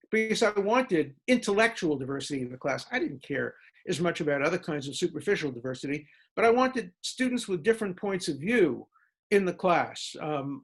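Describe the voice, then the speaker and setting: A male law professor fielding student questions. His voice sits fairly high for a man, and he talks emphatically, stacking words into lists. His pitch jumps sharply when he turns sarcastic. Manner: animated speaker with big pitch jumps for emphasis. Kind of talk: lecture-style Q&A answer.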